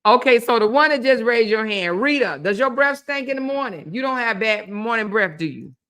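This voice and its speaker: A woman hosts a casual livestream with a bright, forward voice. She talks to her viewers in an animated, teasing way, reading their comments back and joking with them. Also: fairly high pitch, fairly quick. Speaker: livestream host. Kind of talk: casual chat with live viewers.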